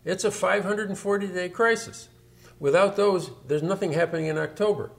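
A man's voice: high-pitched, moderate pace, creaky. A man talking through history in an emphatic, storytelling way. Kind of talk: explanatory discussion.

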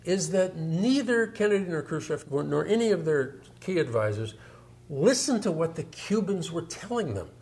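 A man's voice: on the high side, big pitch swings, moderate pace, darkish tone. A man talking through history in an emphatic, storytelling way. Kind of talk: explanatory discussion.

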